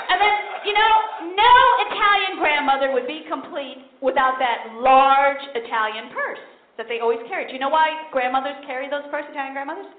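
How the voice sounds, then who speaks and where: A woman's voice: high-pitched, a little fast, few pauses. A woman from New York City doing a stand-up comedy set in a punchy, playful way, over an echoey, tinny, noisy recording. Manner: punchy, playful, mimics family members.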